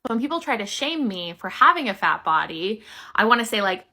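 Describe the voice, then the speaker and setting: Bright-toned woman explaining to camera. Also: medium pitch, big pitch swings, a little fast. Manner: conversational, uses "like" often. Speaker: creator. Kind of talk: casual explanatory talk to camera.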